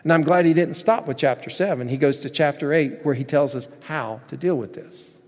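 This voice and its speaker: A man preaching a sermon in an earnest, measured manner. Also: a little high, darkish tone. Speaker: pastor. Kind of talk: sermon with storybook reading. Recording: long hall reverb.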